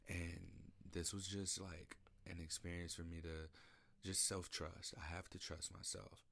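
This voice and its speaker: Deep, gravelly-voiced man reflecting aloud. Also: little pitch movement, unhurried, bright, forceful tone. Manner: emotional, searching, repeats himself. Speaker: podcast host. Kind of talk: personal reflective monologue. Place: recording studio.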